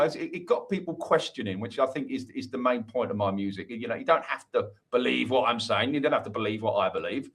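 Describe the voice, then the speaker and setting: A man's voice: mid-range voice, a bit bright. Earnest, rambling man as an interview guest. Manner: earnest, rambling, many restarts. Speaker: musician guest. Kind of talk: casual interview chat.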